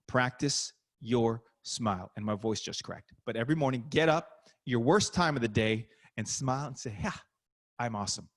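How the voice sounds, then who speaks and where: A middle-aged man, a basketball coach, giving an energetic, punchy motivational talk over a video call. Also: mid-range voice.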